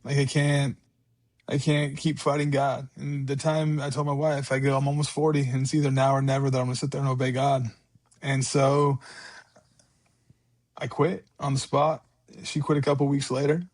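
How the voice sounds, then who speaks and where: A man's voice: mid-range voice, flat delivery, moderate pace, darkish tone, no echo. A man in his forties, a podcast guest, telling his story in an earnest, conversational way, repeating words and quoting himself aloud. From California.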